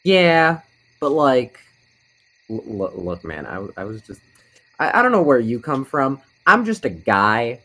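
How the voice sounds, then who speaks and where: A man's voice: mid-range voice, very animated, unhurried, pushed and bright, pitched above the performer's own voice, exaggerated voice. A man voicing a skeptical, ordinary man in a tabletop game, stammering and repeating his words. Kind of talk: in-character tabletop role-play.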